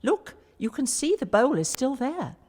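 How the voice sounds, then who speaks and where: A woman's voice: high-pitched, big pitch swings, darkish tone, slightly rough, big-room sound, pitched above the performer's own voice, full character voice. Woman doing a sly clever boy. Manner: cheeky, quick-witted. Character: sly clever young lad.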